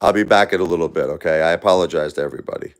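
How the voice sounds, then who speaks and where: Deep-voiced grieving middle-aged man. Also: very fast. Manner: emotional, swings from quiet sympathy to loud angry outbursts. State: grieving and upset. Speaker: livestream host. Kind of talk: casual livestream chat reading comments.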